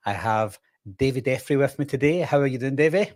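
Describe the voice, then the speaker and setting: A man's voice: medium pitch, brisk, a little mellow. A man from the in his thirties, hosting a casual live-stream chat, talking in a chatty, rambling way and laughing easily. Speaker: host.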